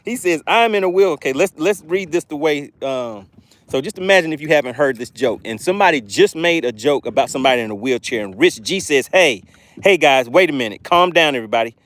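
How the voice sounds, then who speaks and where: A man's voice: fairly high pitch, expressive, fairly quick. A man with a Southern US accent hosting a live fishing stream outdoors, reading viewer comments aloud and laughing often in a friendly, chatty way. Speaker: fishing livestream host.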